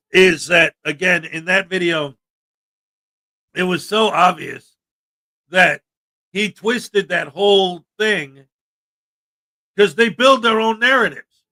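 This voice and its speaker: A man hosting a casual livestream chat, joking and animated with sudden loud bursts. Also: sits high, slow, long pauses. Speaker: livestream host.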